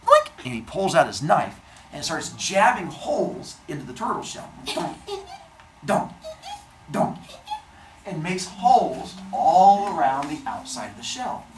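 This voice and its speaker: A woman telling a myth to children in a lively, playful way, adding sound effects. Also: deep voice, normal speed. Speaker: storyteller. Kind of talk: animated storytelling for children. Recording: roomy, distant mic, faint noise.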